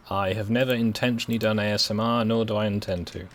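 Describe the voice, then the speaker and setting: A young man with a West Midlands accent giving rambling, dryly self-mocking commentary while he plays a game. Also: lowish voice. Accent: West Midlands English. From West Midlands, England. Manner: rambling, dry self-mocking humor, thinking aloud. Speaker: streamer playing a game. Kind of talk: casual gameplay commentary.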